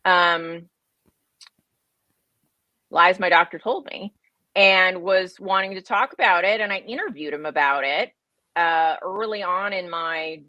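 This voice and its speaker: Woman, bright forceful voice, slightly low, chatty livestream guest. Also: a little slow, pauses often, dry recording, highs cut off. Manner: chatty, laughs often. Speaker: guest, keto author and podcaster. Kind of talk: casual livestream interview.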